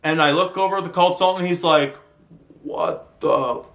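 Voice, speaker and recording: A man ranting to camera in a vlog, telling stories in an exasperated, sweary, animated way, filmed with a handheld camera mic. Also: high voice, fast. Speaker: vlogger.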